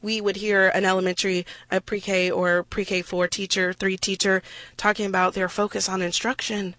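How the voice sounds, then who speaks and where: A woman's voice: mid-range voice, flat delivery, moderate pace, fairly bright tone, dry recording. A woman hosting a radio discussion, talking with passion and emphasis and tossing in self-deprecating asides.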